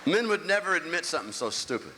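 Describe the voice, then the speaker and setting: A man in his sixties rants through a stand-up set, his voice swooping between low grumbles and high squeaks. He sits at a middling pitch, recorded with a stage mic in a big theater. Long reverb and a loud crowd fill the room. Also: fast talker. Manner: animated, ranting, swings between grumbling and squeaky outbursts. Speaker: stand-up comedian. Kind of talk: stand-up comedy routine. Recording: echoey hall, clear crowd noise. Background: audience.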